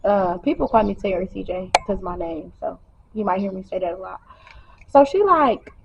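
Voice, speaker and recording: A woman's voice: medium pitch, expressive, moderate pace, creaky, highs cut off, background noise. A young woman telling a personal story casually, in a slangy, repetitive way. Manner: conversational, repeats herself, slangy. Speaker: vlogger.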